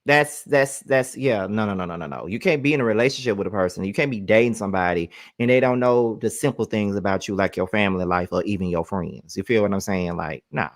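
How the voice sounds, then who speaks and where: A man's voice: on the low side, quick pace, hardly any pauses. A man reacting to a story in casual commentary, blunt and conversational, repeating himself.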